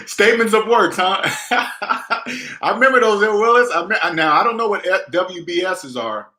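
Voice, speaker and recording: A man with a bright, ringing voice pitched a little high, talking money to his viewers in a loose livestream style. He is emphatic and preachy and slips into acted-out quotes of other people. The room around him echoes noticeably. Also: measured pace. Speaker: personal finance vlogger. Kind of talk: casual livestream talk to viewers.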